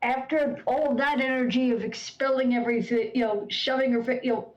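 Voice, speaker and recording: A woman playing a tabletop game, chatty and quick to laugh. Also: on the high side, steady tone, roomy sound, muffled recording. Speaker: player. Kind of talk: casual tabletop play.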